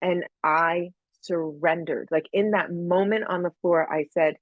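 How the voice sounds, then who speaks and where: A woman's voice: lowish voice, steady tone, measured pace, no room sound. A woman guest on a podcast, telling a personal story earnestly and repeating phrases for emphasis. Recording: dull, lo-fi, dry sound.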